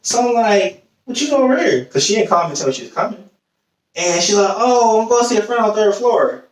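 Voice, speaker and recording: A man's voice: high-pitched, a little fast. A young man hosting a podcast, telling a long personal story casually and acting out the voices of the people in it. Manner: animated storyteller, acts out quoted voices. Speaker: podcast host. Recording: echoey room, distant mic.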